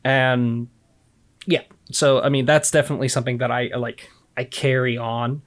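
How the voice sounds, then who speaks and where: A man co-hosting a podcast, chatting casually and talking fast with animated swings and frequent swearing. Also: mid-range voice. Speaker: podcast co-host. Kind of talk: casual chat.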